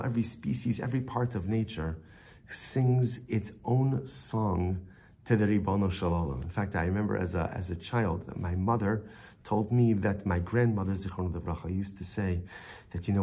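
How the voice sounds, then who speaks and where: A man's voice: lowish voice, mellow, slightly rough. A man giving a Torah lesson as a rabbi, telling the story with Hebrew phrases woven in and often repeating words as he thinks.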